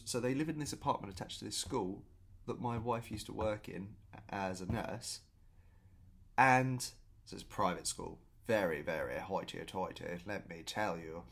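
A man telling a story in a casual vlog, chatty and animated, often repeating himself. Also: lowish voice. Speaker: vlogger.

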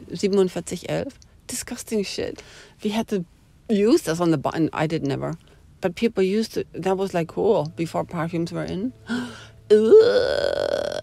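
Low, gravelly woman ranting casually. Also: mellow. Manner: rambling, dramatic groans of disgust. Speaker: host. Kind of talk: casual monologue.

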